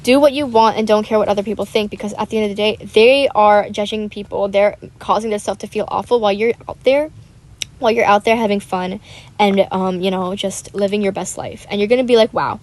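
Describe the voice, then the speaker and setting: A woman's voice: medium pitch, steady tone, quick pace, darkish tone. A teenage girl chatting casually and rambling animatedly while she plays a game. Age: teens. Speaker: gaming YouTuber. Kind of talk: casual chat while gaming.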